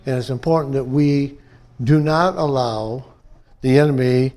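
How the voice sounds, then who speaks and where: Mellow and unhurried, this mid-range male voice belongs to an upstate New York pastor preaching conversationally to his church. He keeps checking in with the congregation, asking "okay?" and "amen?".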